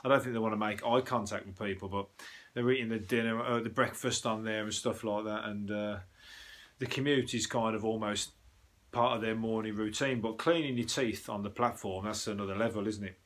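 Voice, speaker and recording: A man's voice: lowish voice, fairly even intonation, brisk, fairly bright tone. A man with a Birmingham accent hosting a comic news review, talking in a rambling, jokey way with frequent swearing. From Birmingham, England. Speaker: comedian host of a news review show. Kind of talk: casual comic monologue.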